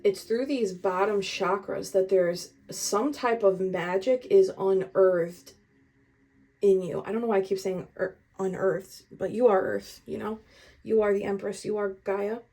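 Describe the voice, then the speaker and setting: A woman's voice: mid-range voice, steady tone, measured pace, dark tone. A young woman doing a casual spiritual tarot reading, talking straight to the viewer in a chatty, meandering and emphatic way. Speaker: tarot reader.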